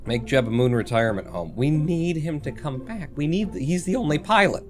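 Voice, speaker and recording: A man's voice: fairly high pitch, expressive, normal speed, music in the background. A man live-streaming a space game, thinking aloud, reading chat and swearing casually.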